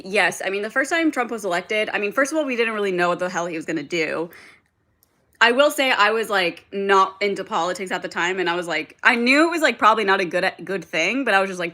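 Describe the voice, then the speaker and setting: Bright-voiced young woman ranting casually on a livestream. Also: medium pitch. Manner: rambling, heavy filler "like", frequent swearing, reads and answers chat. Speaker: livestream host.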